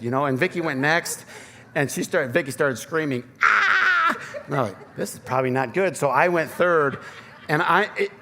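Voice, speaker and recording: A man's voice: on the high side, a bit bright. Michigan guy preaching casual, lots of fillers, echoey church, faint room hum. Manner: conversational, self-deprecating, full of fillers. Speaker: pastor. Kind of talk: sermon with personal stories. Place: church sanctuary. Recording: long church reverb, faint ambience.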